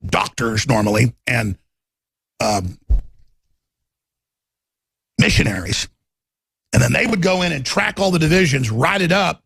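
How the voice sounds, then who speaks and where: A man giving a fervent, combative political rant in a gravelly voice. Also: a little high, a bit bright, no room sound. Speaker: political commentator.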